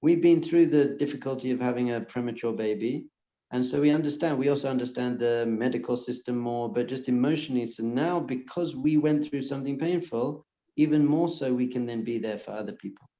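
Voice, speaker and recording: Earnest man teaching a class, mellow and roomy. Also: mid-range voice, brisk, dull audio. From lives in Israel. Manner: earnest and encouraging, repeats phrases softly. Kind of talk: lecture to a live class. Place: lecture room with audience.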